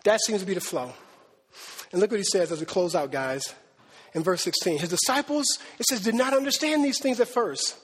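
High, husky-voiced man preaching. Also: animated, brisk, a bit bright, big-room sound. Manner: conversational preaching, rhetorical questions. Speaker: pastor. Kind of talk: sermon. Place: church sanctuary.

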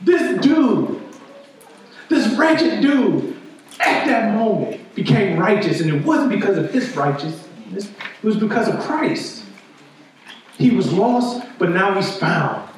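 Male pastor, high voice, chatty sermon delivery with constant check-ins; distant mic in a boomy sanctuary. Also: sing-song, slow pace, slight background noise. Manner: conversational preaching, frequent "right?" asides. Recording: echoey hall, distant mic.

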